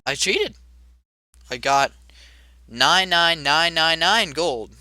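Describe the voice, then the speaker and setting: A game creator playing through their own homemade game, rambling and playful with quick asides between game lines. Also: mid-range voice, expressive, pushed and bright, no echo, poor audio. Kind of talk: let's-play commentary.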